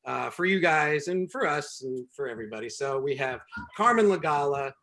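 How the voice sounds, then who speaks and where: A man's voice: on the high side, animated, normal speed, pushed and bright. A man doing a wry stand-up set and hosting a show from home over a video call, rambling with many ums and restarts. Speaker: comedian and show host.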